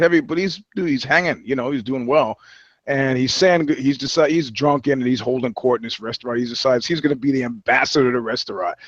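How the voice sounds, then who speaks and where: A man's voice: mid-range voice, dry recording, muffled recording. A man talking as a podcast guest, telling loose, profane anecdotes in casual chat. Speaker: guest, touring musician.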